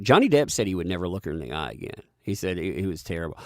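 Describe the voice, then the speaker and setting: A man's voice: low voice, sing-song, racing, few pauses, a little mellow, no room sound, clean studio sound. A man hosting a live-stream, chatting sarcastically with frequent laughs and reading out viewer donations.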